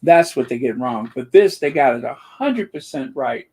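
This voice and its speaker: A man's voice: medium pitch, animated, normal speed, a little mellow, slightly rough. A man hosting a commentary channel, talking in a sarcastic, rambling monologue full of fillers and restarts.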